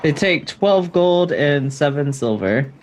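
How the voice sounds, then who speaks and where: Brief: lively, fairly high male player, brisk. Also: slight background noise. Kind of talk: casual role-play.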